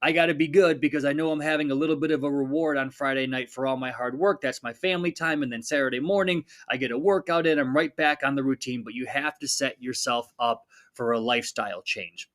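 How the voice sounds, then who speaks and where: A man in his thirties talks on his fitness podcast in a loose, energetic way, and he often says phrases twice to drive the point home. His voice sits at an ordinary middle pitch for a man. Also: fast, few pauses. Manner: energetic, conversational, repeats phrases for emphasis. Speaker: podcast host, fitness coach. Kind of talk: casual motivational talk.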